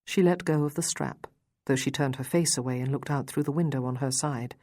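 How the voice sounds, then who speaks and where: A woman reads a historical romance aloud in a steady, measured way. Her voice sits deep for a woman. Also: dry recording, clean studio sound. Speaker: audiobook narrator. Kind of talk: scripted narration.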